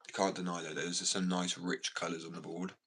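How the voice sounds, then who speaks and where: A man's voice: sits low, flat delivery, a little fast, fairly bright tone. A man chatting casually in a rambling vlog from his workshop, swearing often and talking in a fidgety way. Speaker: skateboard maker. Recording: distant mic, faint background noise.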